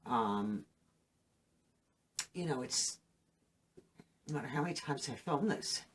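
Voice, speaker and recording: A middle-aged woman, the host of her own channel, telling a personal story to camera in a halting, emotional way, full of fillers. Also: very deep voice, expressive, a little hiss or hum. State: emotional, saddened.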